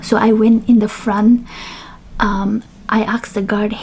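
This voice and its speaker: A young woman vlogging at home, telling a personal story in a chatty, animated way, with fillers and quiet whispered asides. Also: medium pitch, moderate pace, slightly rough. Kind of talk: casual storytelling.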